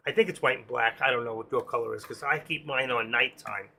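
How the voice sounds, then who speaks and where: A man's voice: mid-range voice, fast talker, pushed and bright, breathy edge. A man hosting a casual live stream, rambling and joking as he talks to his viewers by name. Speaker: live stream host and room moderator.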